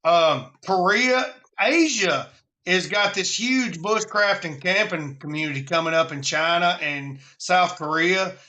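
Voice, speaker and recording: A man's voice: high voice, expressive, unhurried, bright, forceful tone, highs cut off. A man from Alabama with a Southern accent, hosting a casual live stream about preparedness in a folksy, rambling way.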